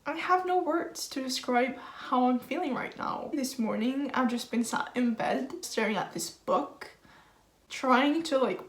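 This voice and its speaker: Gushing young woman, roomy echo. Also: high voice. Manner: gushing, heartfelt, emotional. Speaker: book vlogger. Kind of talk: casual vlog talk to camera.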